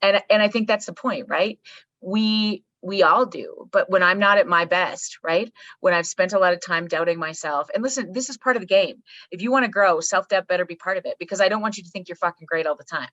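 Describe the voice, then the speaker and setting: A middle-aged woman talking in a lowish voice, telling stories bluntly and with plenty of swearing. Her voice sounds a little dull and muffled, with a dry, close sound and no room around it. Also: brisk, no echo. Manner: blunt, profane, animated storytelling. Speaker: psychologist guest. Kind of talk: candid podcast conversation. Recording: slightly muffled dry recording.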